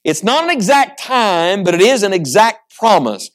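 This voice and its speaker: A middle-aged male pastor preaching a sermon, reading scripture slowly and then pressing his points with rising intensity. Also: high-pitched, very animated.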